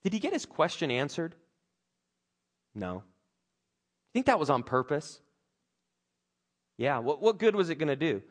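A man's voice: a little slow, long pauses. A man preaching a sermon, acting out scripture characters with big swings in his voice. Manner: animated, acts out characters' lines with big pitch swings. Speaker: pastor.

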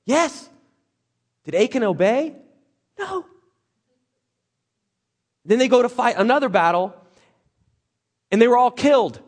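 A man preaching a sermon as lively storytelling, joking and acting out the characters. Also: extremely high pitch, slow pace, pauses often. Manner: animated, jokey, acts out characters.

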